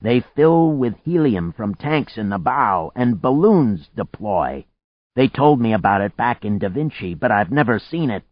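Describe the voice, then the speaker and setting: A man voicing a calm, precise man who explains things in a raised, matter-of-fact voice. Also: lowish voice, unhurried, no echo, muffled recording. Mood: earnest.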